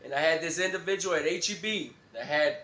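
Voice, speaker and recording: A man's voice: on the high side, brisk, sharp tone, echoey room. A man rambling through a profane, laugh-filled story on a live stream.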